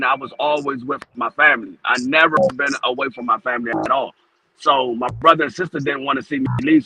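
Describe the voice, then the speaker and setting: A man casually telling a profane, animated story, his pitch jumping when he acts out his own alarm. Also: gravelly. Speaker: podcast guest. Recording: noisy podcast recording.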